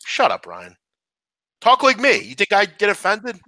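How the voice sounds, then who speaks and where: A man's voice: high voice, huge pitch swings, measured pace, bright, forceful tone, no room sound, rough recording. A man co-hosting a live sports betting chat, swearing freely and teasing his co-host.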